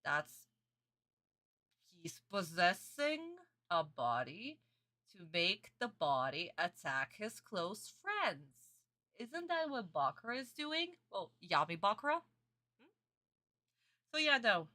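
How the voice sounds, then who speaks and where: Speaking slowly with long pauses, this young woman streamer has a medium-pitched, sing-song voice and a sharp tone. She chats casually over a cartoon episode, talks back to chat, and calls her viewers sweeties and honey.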